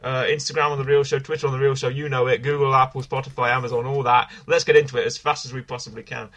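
A man's voice: medium pitch, little pitch movement, fast talker, a bit bright. A man hosting a casual podcast, chatty and upbeat with lots of fillers. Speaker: podcast host.

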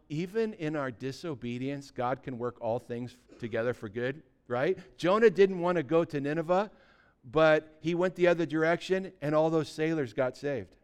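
A man preaching a sermon, telling a scripture story with lively asides and acted-out quotes. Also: on the high side, normal speed, clear, resonant tone. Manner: animated storytelling, acting out quotes. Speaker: pastor.

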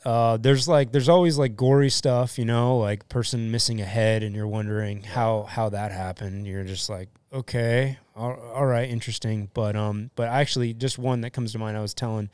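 A young firefighter and EMT tells stories casually on a podcast, cursing freely and acting out what people said with plenty of animation. His mid-range voice is smooth, and the recording is dry.

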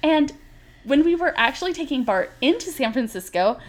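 A young woman with a lively, swooping voice is chatting on a podcast as a co-host. She tells a story, laughs often and acts out the quotes. Her pitch sits a little high. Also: moderate pace. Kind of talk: casual chat, storytelling.

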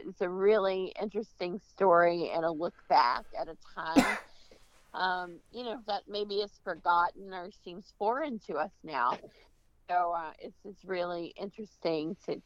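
A woman's voice: lowish voice, dry recording, muffled recording. A woman co-hosting a podcast, thanking the guest in a hesitant way with many fillers. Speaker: podcast co-host. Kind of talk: casual podcast chat.

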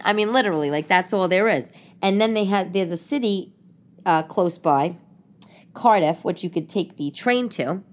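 A middle-aged woman from New York hosting a casual solo podcast, rambling through comic stories and asides. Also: lowish voice. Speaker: podcast host.

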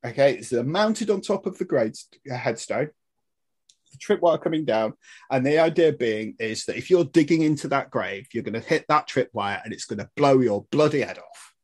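A man explaining history in casual podcast chat, animated and swearing, laughing at his own points. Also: mid-range voice, moderate pace, slightly rough. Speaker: guest historian.

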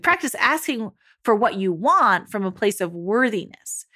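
A woman's voice: medium pitch, big pitch swings, measured pace, bright, forceful tone. A woman, a parenting coach for mothers, giving encouraging, motivational advice straight to her listeners. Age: adult mother. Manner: encouraging, speaks directly to listeners as mamas. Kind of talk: motivational podcast coaching talk.

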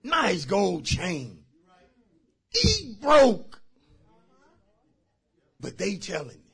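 A male pastor preaching a sermon to his church, pushing his points with shouted lines and repeated calls to the congregation. His voice sits very high and cuts through bright and sharp, with a husky, raspy grain and wide, lively swings in pitch. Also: extremely slow. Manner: emphatic call-and-response preaching, shouting key phrases. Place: church service.

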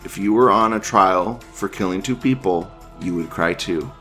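A man's voice: low-pitched, normal speed, fairly bright tone, faint music behind. Profane, laughing male stream host. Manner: profane, laughs often, offhand. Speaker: livestream news host. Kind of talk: casual commentary, reading forum posts.

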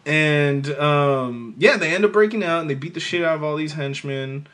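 A man's voice: on the high side, expressive, normal speed, fairly bright tone. A man in casual movie review chat, jokey and profane, often bursting into laughter.

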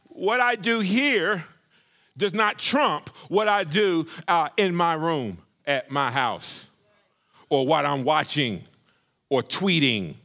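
A male pastor preaching a sermon, lively and conversational, acting out scripture scenes with playful asides. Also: fairly high pitch, takes it slowly.

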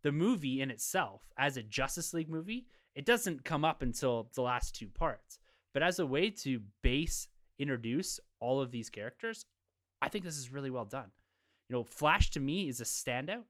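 Man, podcast panelist, measured analytical film talk, casual discussion. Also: mid-range voice, lively intonation, fairly bright tone.

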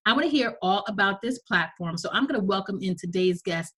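A woman's voice: mid-range voice, expressive, fairly quick, a bit bright, slightly rough, rough recording. Upbeat woman podcast host. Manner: enthusiastic, effusive. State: slight cough.

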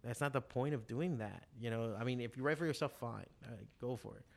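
A man's voice: mid-range voice, a little fast, vocal fry. A middle-aged man who runs an art shop, talking casually and profanely about passion and drawing. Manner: profane, animated storyteller. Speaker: comic artist and shop owner. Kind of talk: casual podcast chat.

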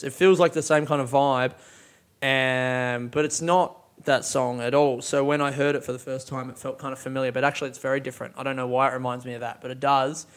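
A man's voice: on the high side, clean tone. A young man casually breaking down song lyrics, swearing freely and laughing often as he talks. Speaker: music reviewer.

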